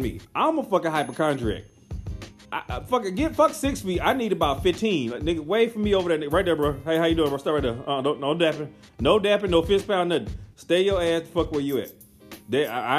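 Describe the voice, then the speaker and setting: A young man ranting in a profane, animated casual monologue. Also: mid-range voice.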